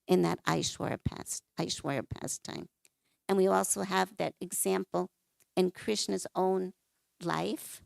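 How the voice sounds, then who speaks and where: Gravelly-voiced woman telling temple stories. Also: fairly low pitch, a little mellow, no echo. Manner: narrates scripture stories, acts out quoted lines. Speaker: temple class speaker. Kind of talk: devotional storytelling class.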